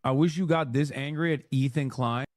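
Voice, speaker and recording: A man's voice: fairly high pitch, normal speed, dry recording. A man in a played stream clip, ranting angrily and dismissively with heavy swearing. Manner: angry, profane, dismissive.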